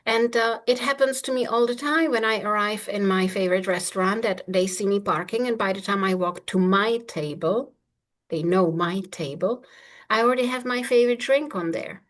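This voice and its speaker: A woman's voice: mid-range voice, normal speed. Confident woman coach, playful and assured. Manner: confident, playful, laughs often. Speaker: manifestation coach. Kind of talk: casual coaching chat.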